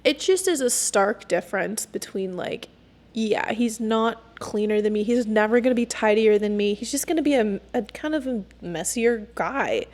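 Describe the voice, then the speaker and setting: A young woman hosting her own podcast, ranting candidly and casually with lots of "like" and quick laughs. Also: mid-range voice. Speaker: podcast host. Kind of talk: casual solo podcast rant.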